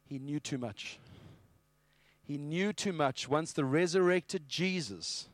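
A man preaching a sermon with animated storytelling. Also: fairly high pitch, takes it slowly, no echo. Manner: animated storytelling, acting out scenes.

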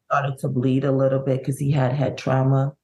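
A middle-aged woman, a bereaved mother, telling her story in an interview, with halting, vivid recounting and many restarts. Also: very deep voice, monotone, warm tone. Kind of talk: emotional personal storytelling.

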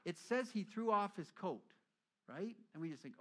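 Animated preaching man, fairly high voice. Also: moderate pace. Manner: animated storytelling, acting out quoted voices. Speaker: pastor. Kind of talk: sermon.

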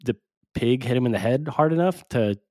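A young man co-hosting a podcast, talking in a relaxed, casual way and thinking out loud. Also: mid-range voice, brisk, dry recording. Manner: relaxed, thinks aloud with fillers. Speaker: podcast co-host. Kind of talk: casual chat.

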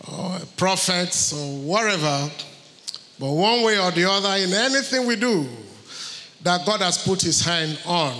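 A man preaches a sermon to his congregation, driving points home through repetition. His voice sits high and sounds bright and forceful. The recording carries a long reverb from the church hall. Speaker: pastor.

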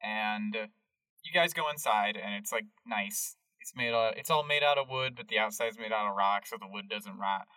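A man's voice: on the low side, normal speed, sharp tone, recorded from a distance, low-quality recording. A man narrating a tabletop game as game master, laughing often and filling gaps with hesitant ums.

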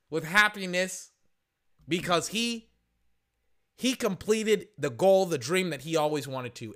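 A man hosting a podcast, passionately ranting about sports in an emphatic, repetitive way, his voice hoarse and worn from shouting. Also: sits high. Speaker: podcast host. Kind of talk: sports opinion rant.

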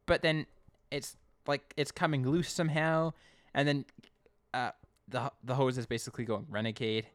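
A man casually recapping an episode as a podcast co-host, chatty and animated. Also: mid-range voice, normal speed, no room sound. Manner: chatty, animated storytelling with acted quotes.

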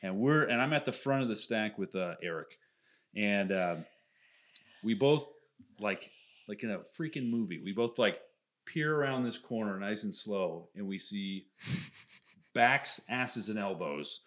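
A man hosting a podcast in casual banter, telling a story with energy and acting out the shouts. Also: lowish voice, unhurried. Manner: animated, acts out yelling in stories.

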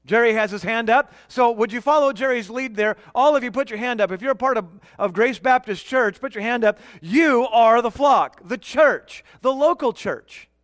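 High-voiced emphatic preacher man. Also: a bit bright, no room sound, clean studio sound, long reverb tail. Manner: emphatic, slows to stress key words, asks the audience questions. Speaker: guest pastor. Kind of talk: sermon. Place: church sanctuary.

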